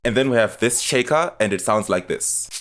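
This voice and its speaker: A young man calmly walking through how he remade a beat, step by step, as a music producer. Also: mid-range voice, normal speed. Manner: relaxed step-by-step explaining, often trailing off before playing sounds. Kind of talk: screen-recorded music production tutorial. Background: music playing between lines.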